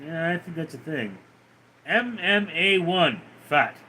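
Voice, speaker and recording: Taking it slowly, a man with a fairly high, expressive voice and sharp tone hosts a casual livestream. He reads comments out and teases viewers crudely in reply, over a little hiss or hum.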